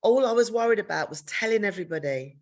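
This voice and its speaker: A woman's voice: expressive, quick pace. Frank, candid woman telling her story. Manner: frank, swears freely, re-enacts dialogue with big pitch jumps. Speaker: podcast co-host sharing her story.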